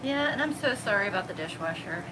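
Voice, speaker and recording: A woman co-hosting a casual home live stream from the kitchen, chatting in a relaxed, offhand way. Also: medium pitch, fast talker, background noise. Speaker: livestream co-host.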